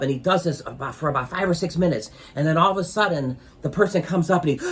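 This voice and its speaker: A man's voice: on the high side, fast, few pauses, breathy edge. Rambling man telling a success story. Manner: rambling, many ums, grows animated when retelling. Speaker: interview guest. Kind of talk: storytelling advice.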